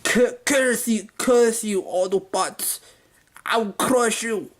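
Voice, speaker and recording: A man's voice: high-pitched, pitched above the performer's own voice. A man doing a ranting robot commander. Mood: furious ranting. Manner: slow, halting mock German accent.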